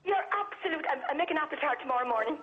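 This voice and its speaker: A woman's voice: sits high, lively intonation, racing, heavy background noise. A woman with an Irish accent phoning in to a TV show, chatty and rambling. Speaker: phone-in caller. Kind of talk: chatty phone call to a TV show. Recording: phone call over a loud studio audience.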